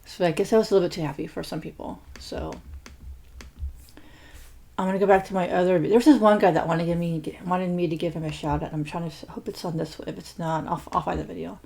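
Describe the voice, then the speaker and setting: A woman with a fairly low, darkish voice speaks quickly and steadily, with some vocal fry. She hosts a mukbang food channel, chatting casually as she reads out viewer names and comments, full of fillers and restarts.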